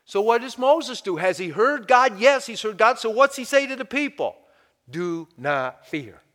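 A man preaching a sermon, firing rhetorical questions at his listeners and dropping to a hushed voice now and then. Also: very high voice, moderate pace, long reverb tail. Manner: animated preaching, rhetorical questions, sudden drops to hushed tones. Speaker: pastor.

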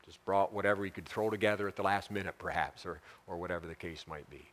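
A man teaching a Bible passage as a pastor, halting and repeating words, rising to urgent emphasis. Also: low-pitched, level tone, fairly bright tone. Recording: long hall reverb.

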